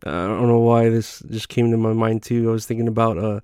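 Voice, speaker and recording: A man's voice: on the low side, little pitch movement, fairly quick, mellow, clean tone, no echo, clean studio sound. A man hosting a comedy podcast, telling rambling, profane stories in a laid-back, casual way. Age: adult.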